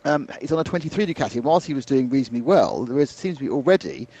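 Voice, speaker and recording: A male podcast co-presenter talks at a mid pitch with a very lively, rising and falling delivery. He breaks down the racing in chatty, animated analysis. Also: racing, husky, poor audio. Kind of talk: casual radio podcast chat.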